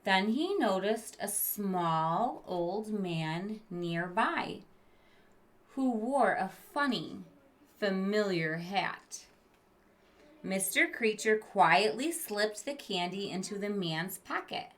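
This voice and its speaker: A woman's voice: medium pitch, expressive, takes it slowly. A woman teacher reading a picture book aloud to children. She stops to explain words, asks the kids questions and drops into whispered asides.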